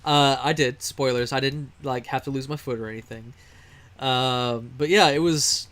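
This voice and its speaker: A man's voice: mid-range voice, moderate pace, fairly bright tone. A man from Texas, streaming a game and telling a rambling story with fillers and chuckles. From Texas, USA. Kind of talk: casual storytelling while playing a game.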